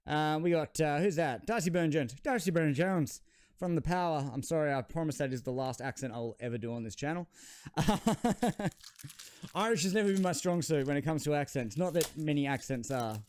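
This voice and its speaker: An Australian man chatting his way through a card unboxing, rambling and joking at his own expense. His voice sits a bit high and sounds smooth and resonant, and the recording is close and dry with no room echo. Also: a little mellow. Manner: chatty, rambling, self-deprecating. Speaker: trading card channel host. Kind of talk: casual unboxing commentary.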